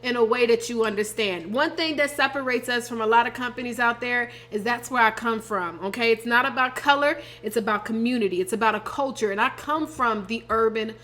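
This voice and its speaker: A woman host, pumping up her audience about an upcoming conference in an energetic promotional pitch. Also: fairly quick, hardly any pauses. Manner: hyped, emphatic, addresses audience as y'all.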